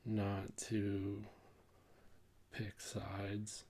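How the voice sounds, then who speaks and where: A young man speaks casually to his camera in a dead-flat, monotone voice. He talks slowly and haltingly, with a lowish pitch, trailing off into fillers and casual swearing. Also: noisy background. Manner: slow, halting, monotone delivery. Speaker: vlogger.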